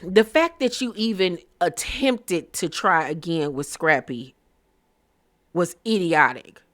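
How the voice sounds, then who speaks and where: A woman's voice: lowish voice, slow pace, a bit bright. A woman giving a casual, blunt and sassy recap of a reality TV episode, acting out the cast's lines as she goes. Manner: sassy, blunt, quotes cast members mid-story. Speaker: recap vlogger.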